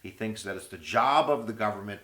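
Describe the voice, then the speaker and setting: Goofy history teacher guy hyping up his lecture, bright and forceful, echoey room. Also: lowish voice, fairly quick. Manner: goofy, jokey, playful asides. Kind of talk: energetic video lecture. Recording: roomy echo with faint music.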